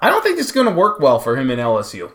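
A man co-hosting a sports podcast, giving firm opinions, agreeing quickly and steering the talk along. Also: medium pitch, wildly swooping pitch, fairly bright tone. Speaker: podcast co-host. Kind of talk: casual sports chat.

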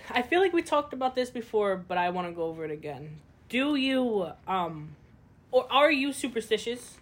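A woman co-hosting a podcast in casual chat, wry and quick to defend herself. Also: on the high side, big pitch swings. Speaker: podcast co-host.

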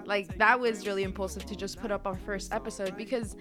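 A woman's voice: medium pitch, fairly even intonation, brisk, over music. A young woman, a student co-hosting a podcast, chatting casually in a playful, giggly way, now and then mixing in Spanish words. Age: young adult. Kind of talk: casual chat.

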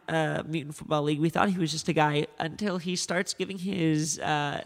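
A man's voice: a little high, steady tone, normal speed, creaky, few pauses, big-room sound. A man co-hosting a casual podcast, telling joking, rambling stories. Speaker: podcast co-host.

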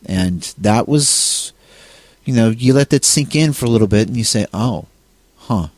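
A man's voice: medium pitch, animated, normal speed, no room sound. A man co-hosting a casual discussion on faith, talking in a rambling way with many restarts and fillers. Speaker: co-host.

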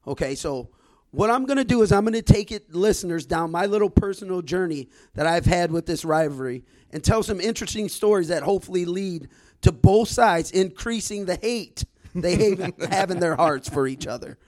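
A man in his forties from Detroit telling a long story on a podcast. He talks in an animated way and repeats words as he builds his story. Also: high-pitched, normal speed. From Detroit, Michigan. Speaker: guest storyteller.

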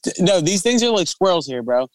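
A man's voice: high voice, very animated, brisk. A man hosting a casual podcast chat, telling stories loosely with lots of swearing and laughter. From Philadelphia area. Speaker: podcast host.

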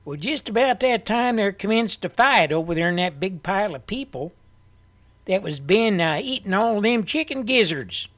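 A man's voice: sits high, expressive, normal speed, a bit bright, dull audio. A male radio host telling a long, rambling anecdote in a colloquial, swearing, folksy way.

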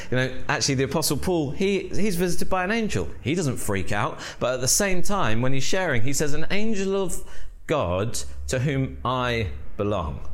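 A man preaching a sermon as pastor, emphatic, with rhetorical questions and dramatic pauses. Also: mid-range voice.

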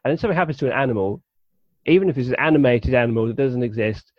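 Male podcast co-host, halting delivery, dull lo-fi mic. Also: medium pitch, lively intonation, no echo. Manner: halting, searches for words. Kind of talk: casual podcast chat.

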